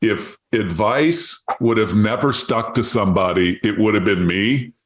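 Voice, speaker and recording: A man with a low voice hosts a relaxed interview. He chats casually and nudges his guest toward favorite stories. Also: a little slow. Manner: lively storyteller who acts out quotes. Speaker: podcast host.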